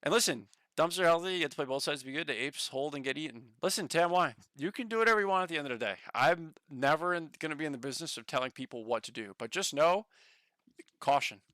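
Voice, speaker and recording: A man casually chatting on a stock market livestream, excitable, swearing now and then and reading the chat aloud. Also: on the high side, quick pace, no echo.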